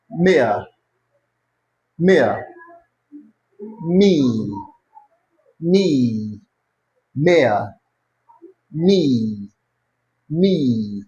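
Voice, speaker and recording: A pronunciation teacher leading a lesson, modelling words slowly and repeating them for the learner to copy, with short encouraging prompts. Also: medium pitch, a little mellow, poor audio. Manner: slow, drawn-out model words repeated for practice.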